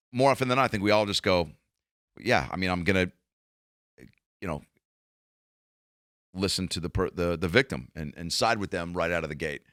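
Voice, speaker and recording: A man hosting a comedy podcast, talking in a casual, profane, animated monologue and acting out quotes in raised voices. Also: low-pitched, no room sound, studio quality.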